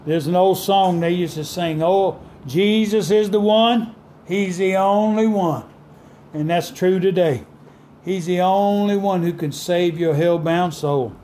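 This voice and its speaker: A man preaching a sermon with fervent call-and-response delivery, dramatic pauses and emphatic scripture quotes. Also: sits high, dark tone, slight background noise.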